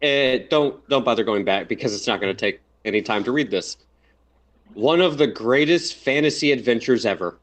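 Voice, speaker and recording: A man's voice: medium pitch, normal speed, fairly bright tone. Dry-voiced man in podcast banter. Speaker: podcast co-host. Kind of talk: casual banter.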